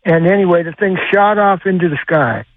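An older man tells a long, rambling story over a tinny phone line, stopping often to hunt for words. His voice sits a bit high for a man. The sound is dry, with no room around it. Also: no room sound. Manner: rambling, halting with many uhs. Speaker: caller. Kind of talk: call-in radio story.

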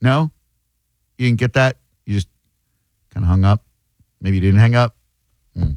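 A man's voice: fairly low pitch, measured pace, a little mellow, dry recording. A man hosting a podcast, chatting casually with a sarcastic, teasing manner. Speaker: podcast host. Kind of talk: casual chat.

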